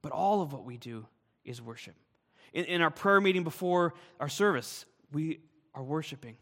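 A man's voice: a little high, animated, moderate pace, a bit bright, in a large hall. A man, a pastor, preaching a sermon with earnest, emphatic delivery.

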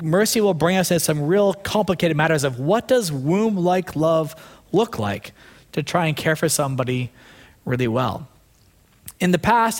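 A man delivers a sermon in a slightly higher-than-average voice. He talks earnestly and conversationally, letting his voice sink low and quiet for asides, then lifting it sharply to drive a point home. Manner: conversational, earnest, swings between soft low asides and raised emphatic points. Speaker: pastor.

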